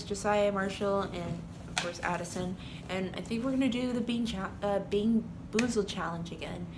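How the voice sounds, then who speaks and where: A woman's voice: medium pitch, slight background noise. A young woman vlogging casually, telling a story in a rambling way full of "like" and "um", with giggles.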